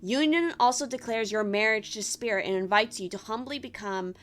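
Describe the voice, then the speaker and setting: A young woman giving a casual tarot reading to viewers, reading card meanings aloud with chatty asides. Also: medium pitch. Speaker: tarot reader.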